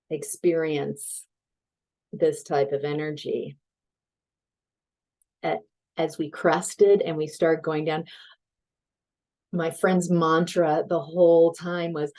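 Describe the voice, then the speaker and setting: A woman tarot reader in a relaxed, chatty reading, telling a story and laughing easily. Her voice sits a little low, with a warm, mellow tone and an unhurried pace. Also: rough recording.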